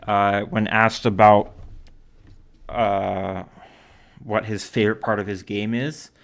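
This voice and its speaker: A man's voice: lowish voice, flat delivery, takes it slowly, vocal fry. A man from Canada giving casual solo commentary, reading out stats and quotes with lots of fillers. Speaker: hockey commentator.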